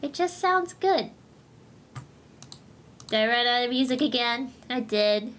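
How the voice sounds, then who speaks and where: A woman's voice: a little high, animated, a little slow, fairly bright tone. A young woman hosting a livestream, chatting casually and gushing with giggles while she reads comics. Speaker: livestream host.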